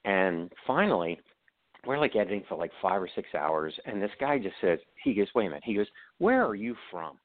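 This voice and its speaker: A man with a Baltimore accent, a guest on an interview show, telling animated stories and acting out the voices of people he quotes. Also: fairly low pitch, brisk. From Baltimore area, Maryland. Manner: animated anecdotes, acts out quoted voices, frequent restarts. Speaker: guest, author and production company CEO. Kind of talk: casual interview storytelling. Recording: tinny phone-like audio.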